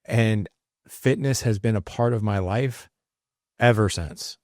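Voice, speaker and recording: Dad podcast host, late 40s, lowish voice, rambly storytelling, dry close mic. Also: male voice, slow, a little mellow, dry recording. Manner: rambling, frequent fillers and restarts. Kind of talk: casual conversational storytelling.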